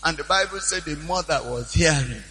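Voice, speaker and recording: A male preacher retells a scripture story in an animated sermon, repeating lines for emphasis. His voice is high, very bright and a little husky. Long reverb from a big church hall follows him. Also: normal speed.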